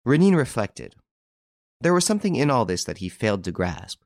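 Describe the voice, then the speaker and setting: A man narrating a classic detective story in an even, measured reading, voicing the dialogue lightly. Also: medium pitch, no echo. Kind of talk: scripted audiobook narration.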